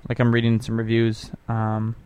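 A man's voice: mid-range voice, monotone, moderate pace, a little mellow, smooth, no room sound. A man hosting a morning radio show, chatting casually and teasing his co-hosts with lots of laughter. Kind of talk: casual chat.

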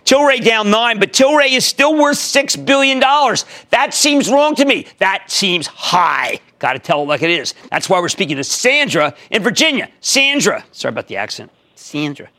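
Emphatic high-voiced TV money host. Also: male voice, sing-song. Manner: emphatic, rapid shifts between loud and hushed. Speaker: host of a stock market show. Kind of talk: energetic market commentary and call-in answers.

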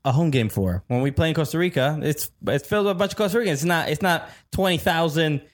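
A man with a fairly high speaking voice co-hosts a casual podcast chat. He talks in halting bursts and restarts his sentences often. He laughs easily between points. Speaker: podcast co-host.

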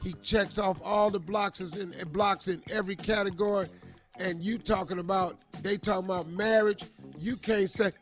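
Brief: tired man, radio co-host, high voice, loud joking banter, faint music bed. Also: fairly even intonation, moderate pace. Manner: loud, joking, informal Southern Black English phrasing. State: tired from a sleepless night. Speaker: radio co-host giving advice. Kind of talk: casual radio advice banter.

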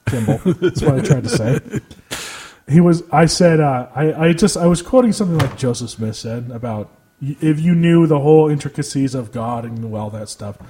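A podcast co-host with a slightly high voice chats casually at a moderate pace, telling stories packed with laughter and mocking asides. He's animated and laughs often, and there's a little hiss or hum in the recording.

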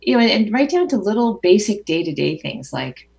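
A woman's voice: medium pitch, very animated, a little fast, creaky, darkish tone. A middle-aged woman guest speaking thoughtfully and earnestly, often restarting her sentences. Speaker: author and guest. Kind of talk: phone interview conversation.

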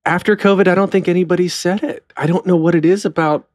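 A man's voice: high voice, steady tone, fast talker, a little mellow, a little hiss or hum. A man hosting a theater podcast, talking in a chatty and enthusiastic way. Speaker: podcast host. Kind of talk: casual interview chat.

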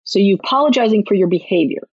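A woman parenting author and clinical social worker giving casual advice in an interview, animated and slipping into quick acted-out lines of parents and kids. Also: medium pitch, slightly rough, no room sound, dull audio.

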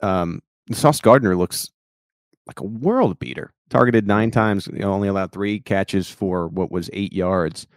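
A man's voice: sits low, unhurried, no echo, studio quality. A man co-hosting a sports podcast, giving blunt, matter-of-fact analysis in casual talk. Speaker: podcast co-host.

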